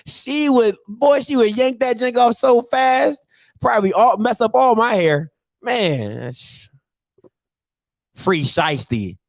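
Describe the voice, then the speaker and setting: A man, hosting a casual sports chat to camera, ranting and poking fun at old-timers with loud put-on voices. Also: very high voice, expressive, slow, creaky, no room sound, studio quality. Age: 30s. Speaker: show host.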